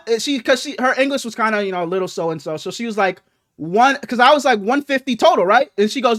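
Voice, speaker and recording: A young man with a notably high voice, chatting on a podcast as co-host. He tells stories animatedly and swears a lot, his speech loose and unscripted. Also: fairly quick. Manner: animated, profane storytelling with acted quotes. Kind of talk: casual chat, storytelling.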